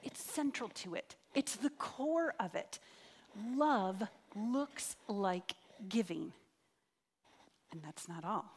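A woman's voice: medium pitch, lively intonation, breathy edge. A middle-aged woman giving an earnest sermon in a church, stretching key words out for emphasis. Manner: earnest, drawn-out emphasis, leads the congregation in prayer. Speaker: church speaker. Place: church sanctuary. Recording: reverberant church hall.

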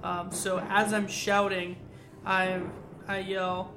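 A woman of mid-range pitch playing a tabletop role-playing game. She talks casually, pausing with frequent ums. Clear music plays behind her. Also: flat delivery, a bit bright, roomy sound. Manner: casual, hesitant with many ums. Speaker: player.

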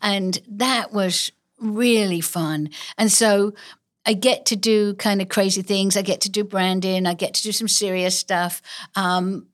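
A woman's voice: mid-range voice, fairly even intonation, measured pace. A middle-aged woman from Essex with an English accent, guest on an interview show, chatty and self-deprecating, laughing easily. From Essex, England. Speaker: guest author and illustrator. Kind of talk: casual interview chat.

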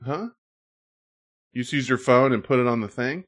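A man's voice: medium pitch, normal speed, fairly bright tone. A man hosting a casual podcast, joking with co-hosts and reading listener emails aloud. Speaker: podcast host.

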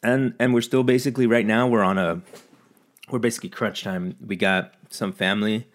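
A man with a very low, deep voice rambles through a casual vlog story, swearing freely and mocking himself as he goes. His talk is loose and conversational. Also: steady tone, fairly quick. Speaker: vlogger.

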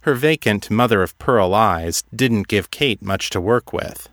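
A man narrates a fantasy serial in a measured, even storytelling voice. He reads slowly, with a somewhat low pitch. The recording is close and dry, with no room sound. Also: no echo. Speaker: audiobook narrator. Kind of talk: scripted narration.

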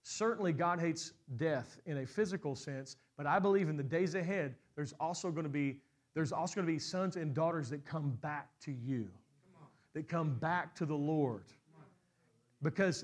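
A middle-aged man preaching a sermon as pastor, rising to loud, high peaks and often repeating words as he restarts a phrase. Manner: repeats and restarts words when speaking fast.

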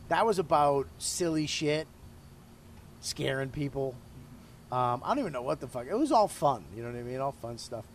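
Smoking a cigar, a middle-aged comedian guest chats casually in an interview, frank, profane and self-deprecating about his own life. His medium-pitched voice comes with a little hiss or hum.

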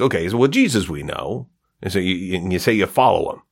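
A man's voice: brisk, creaky, slightly rough. A man hosting a podcast, telling a long joke and jumping into character voices as he goes. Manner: animated storyteller, acts out characters with pitch jumps. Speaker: podcast host.

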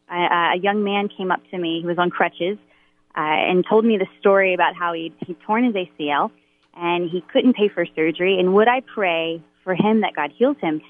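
A Catholic worship musician, guesting on a radio interview, candidly shares her faith testimony in a fairly low voice at normal speed. She laughs nervously between phrases, and she's heard through a phone, giving a tinny line.

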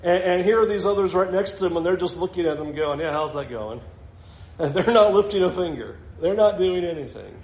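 A man's voice: high-pitched, quick pace, few pauses, darkish tone, roomy sound, rough recording. A man preaching a sermon in a conversational way, acting out the people in the story as he goes. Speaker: pastor.

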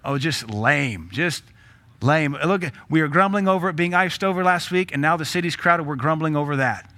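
Blunt, bright-voiced pastor preaching. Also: male voice, on the high side, fairly even intonation, fast talker. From Tennessee. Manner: blunt, humorous preaching with rhetorical questions; laughs between points. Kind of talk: sermon.

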